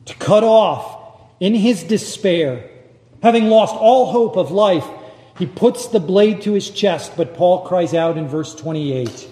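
A fairly high-pitched man preaches slowly and dramatically, his mellow voice ringing through a large, echoey hall. He lets long pauses hang between his phrases. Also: animated. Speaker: pastor. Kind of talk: sermon.

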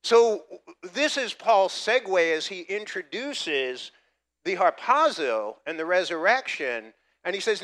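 A middle-aged American man delivers a sermon through a personal story. His voice sits slightly high and rings bright and forceful. He moves between quiet recollection and loud, emphatic preaching. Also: very animated, a little slow. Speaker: pastor.

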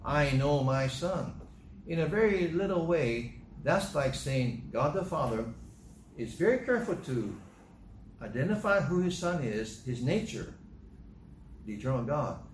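A man's voice: sing-song, unhurried. A man preaching a sermon, reading scripture aloud and stressing key verses with rising emphasis. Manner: emphatic, rises in pitch on key scripture lines. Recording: echoey room with faint ambient noise.

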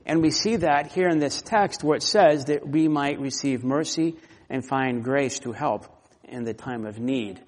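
A man's voice: medium pitch, measured pace. A man preaching a sermon with earnest, conversational delivery and personal stories. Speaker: pastor. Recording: long hall reverb.

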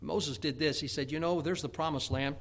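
A man preaches a sermon in a homespun storytelling way. His voice sits a little high for a man, and he keeps checking in with his listeners for an amen. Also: fairly even intonation, a little fast. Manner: folksy storytelling, calls of amen.

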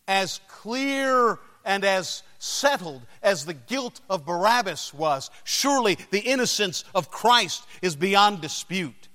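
Male preacher, high and bright, slow dramatic delivery, big hall reverb. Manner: dramatic storytelling with sudden shouted crowd cries and hushed lows. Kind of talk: sermon. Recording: long reverb of a large hall.

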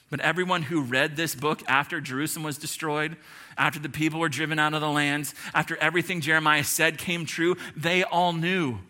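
Bright-voiced man preaching emphatically. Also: on the high side. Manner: emphatic preaching with lists and rhetorical questions. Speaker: pastor. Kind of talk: sermon.

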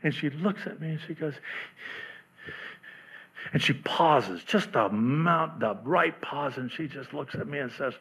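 A man's voice: mid-range voice, normal speed, fairly bright tone, husky. A male pastor preaching a sermon in a candid, self-deprecating, humorous way.

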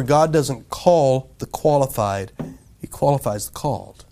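With vocal fry and a fairly high, slightly mellow voice, a male pastor gives a laid-back sermon. He regularly asks the congregation questions and voices the people he quotes.

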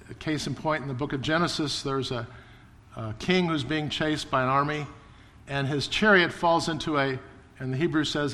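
A man's voice: medium pitch, a bit bright, big-room sound. A man preaching a sermon as pastor, earnest and building emphasis through repetition. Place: church sanctuary.

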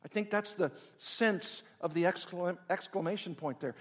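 A middle-aged man preaching a sermon, swinging from loud exclamations down to near whispers. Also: sits high, normal speed, hardly any pauses. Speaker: pastor.

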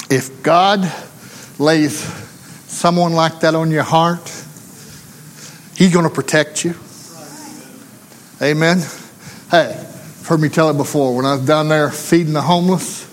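A man's voice: a little high, big-room sound. A man preaching a sermon, telling a folksy story and acting out the voices of the people in it. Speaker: pastor.

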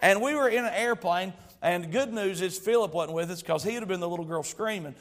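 A man's voice: high-pitched, fairly quick. A man preaching a sermon as a pastor, stretching out key words for emphasis and telling stories with humor. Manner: storytelling with humor.

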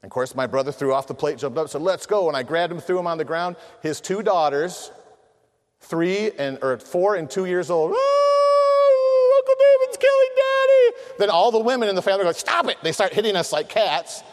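A middle-aged preacher with a high voice for a man delivers a sermon to a room of men. He spins humorous family stories, acting out voices as he goes. A long hall reverb trails his words. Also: fairly quick.

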